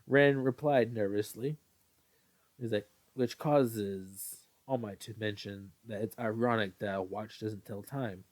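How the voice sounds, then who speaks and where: A man's voice: lowish voice, steady tone, measured pace, no echo. A man casually reading a fan story aloud, often stumbling, correcting himself and apologizing. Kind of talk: casual read-aloud with asides.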